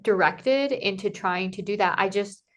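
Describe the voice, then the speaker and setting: A woman tells a story in easy, casual conversation at a mid-range pitch. She is animated and jumps into the voices of the people she quotes, with plenty of "like" between her phrases. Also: moderate pace. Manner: animated, acts out quoted dialogue, many "like" fillers. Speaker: podcast guest, Camino pilgrim.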